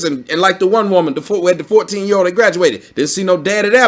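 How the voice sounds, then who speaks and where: A man hosting a commentary video, ranting in a blunt, profane, mocking way that swings from low grumbling to loud exclamations. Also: quick pace, hardly any pauses. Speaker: commentary channel host.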